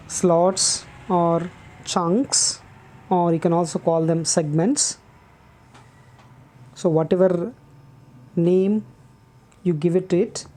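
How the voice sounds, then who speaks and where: An English teacher explains a lesson slowly and patiently, her voice low and mellow. She's deliberate, repeating key words for clarity and pausing often with "uh."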